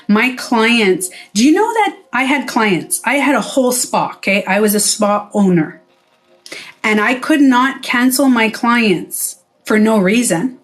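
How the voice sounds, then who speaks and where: Blunt, swearing woman vlogger. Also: on the high side. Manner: blunt, swears freely, acts out quoted voices. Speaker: wellness vlogger, former spa owner. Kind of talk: casual direct-to-camera vlog talk.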